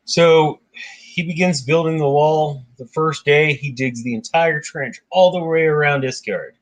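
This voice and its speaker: A man with a fairly high-pitched voice hosts a relaxed book discussion at an unhurried pace, captured in a low-quality recording. In a conversational manner, he reads passages aloud and adds chatty asides.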